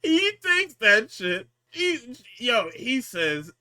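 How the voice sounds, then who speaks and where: A man with a high, bright, forceful voice that swings widely in pitch, co-hosting a casual wrestling recap. He talks profanely and acts out each quote with big shifts between low mutters and loud outbursts. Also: big pitch swings, slow, hardly any pauses. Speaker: podcast co-host.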